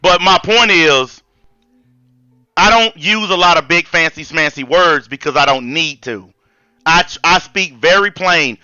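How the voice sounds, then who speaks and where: A man's voice: on the high side, unhurried, sharp tone, clean tone, no room sound, dull audio. A man in his forties with a Southern US accent, hosting a live-stream debate and ranting bluntly with heavy profanity. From American South. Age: 40s. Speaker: channel host.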